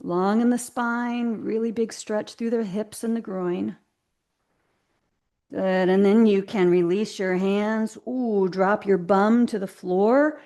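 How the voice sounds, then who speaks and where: Gentle slow-cueing woman yoga teacher. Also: mid-range voice, steady tone. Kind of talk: guided yoga class. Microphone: video call.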